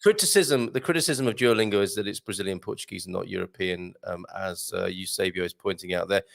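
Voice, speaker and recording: A man's voice: low-pitched, fast talker, gravelly. A man hosting a live online morning show, chatting and jokily reading viewer comments aloud. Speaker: host.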